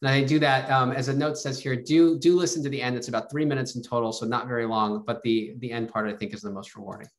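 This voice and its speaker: A man presenting a webinar in a relaxed way, with many fillers. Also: medium pitch, quick pace, few pauses.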